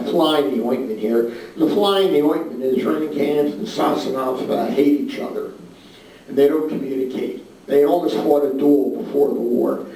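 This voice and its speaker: A man's voice: mid-range voice, warm tone. A man giving a history lecture to a class in a casual way, with many fillers, pointing at a map as he speaks. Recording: far-off mic in an echoey room with faint noise.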